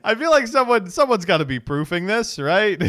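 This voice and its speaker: Animated sarcastic man riffing on clips. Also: sits high, normal speed. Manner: sarcastic, laughing, swearing freely. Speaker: streamer host. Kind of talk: casual commentary on clips.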